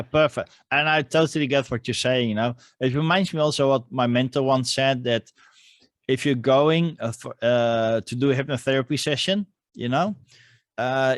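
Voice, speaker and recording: A man hosting an interview show as a coach, speaking in a hesitant way with frequent pauses to search for words. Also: mid-range voice, no echo, studio quality. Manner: hesitant, many "uh" fillers. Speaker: podcast host and coach. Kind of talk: interview conversation.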